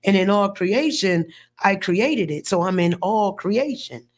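A woman's voice: medium pitch, animated, unhurried. A woman hosting a faith podcast, talking in an emphatic, preachy way and repeating words as she builds a point. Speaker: podcast host. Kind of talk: faith discussion.

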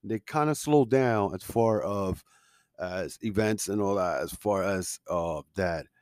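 A man with a fairly low voice gives a heated, opinionated rant as a podcast host, full of ums, uhs and restarts. The sound is dry and close, with no room echo. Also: unhurried, darkish tone, smooth. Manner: heated, opinionated ranting with frequent fillers. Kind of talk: casual podcast commentary.

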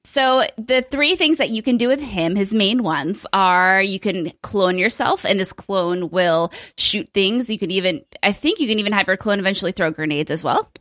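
A woman's voice: medium pitch, lively intonation, moderate pace, hardly any pauses, fairly bright tone, no room sound, studio quality. A woman co-hosting a gaming podcast, talking in a bubbly, jokey, self-deprecating way. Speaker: podcast co-host. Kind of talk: casual gaming podcast chat.

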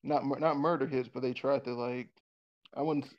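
A man's voice: mid-range voice, fairly even intonation, moderate pace, highs cut off. A man in casual conversation who rambles, restarts often, repeats words and swears bluntly.

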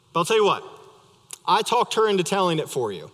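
A man's voice: high voice, sing-song, fast talker, a bit bright. A young adult male pastor preaching a sermon, conversational and storytelling with light humor, in a church sanctuary. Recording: reverberant church hall.

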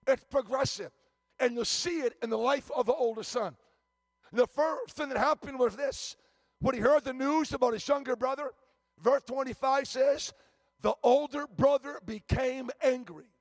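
High-voiced emphatic male preacher. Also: moderate pace, no room sound, clean studio sound. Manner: storytelling, emphatic, frequent restarts and stammers. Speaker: visiting preacher. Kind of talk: sermon.

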